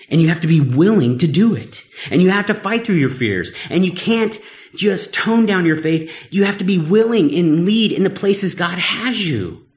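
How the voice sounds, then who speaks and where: A man's voice: fairly high pitch, roomy sound. A middle-aged man, a pastor, preaching a sermon in a candid, conversational way and telling personal stories.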